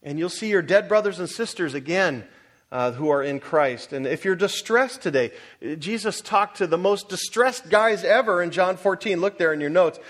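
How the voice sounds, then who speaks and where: A middle-aged male pastor preaching a sermon, asking his congregation questions and moving between loud urging and quiet personal stories. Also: high-pitched, lively intonation, normal speed.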